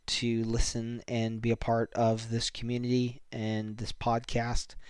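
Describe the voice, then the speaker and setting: Slow, earnest young man hosting a podcast. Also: mid-range voice, completely flat delivery, smooth, no room sound, clean studio sound. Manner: earnest, halting, grateful. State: a little emotional. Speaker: podcast host. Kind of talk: solo podcast sign-off.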